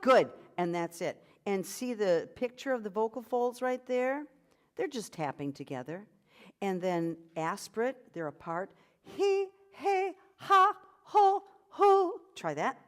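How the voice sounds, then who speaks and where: A woman's voice: mid-range voice, expressive, a little slow, darkish tone. A woman vocal coach leading a voice workshop. She encourages the group and demonstrates sounds and short sung phrases for them to copy.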